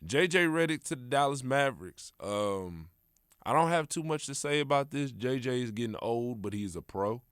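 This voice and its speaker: A man's voice: medium pitch, animated, moderate pace, fairly bright tone, clear, resonant tone, no room sound, studio quality. A young man hosting a casual solo podcast, rambling in a laid-back, slangy way with plenty of fillers. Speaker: podcast host.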